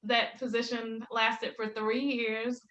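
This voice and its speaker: Upbeat bright-voiced woman on a roomy call. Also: on the high side, flat delivery, slow pace, muffled recording. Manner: upbeat, laughs often, faith-filled storytelling. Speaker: podcast guest, business coach. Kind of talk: casual interview chat. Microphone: video call. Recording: roomy echo.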